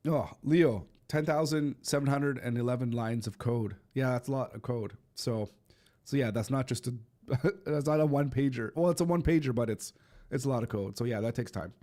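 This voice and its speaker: Hoarse man coughing through a stream. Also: medium pitch, moderate pace, warm tone. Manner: rambling, with many restarts and fillers; addresses viewers directly. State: losing his voice, coughing. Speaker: live-stream host. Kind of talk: casual live-stream chat.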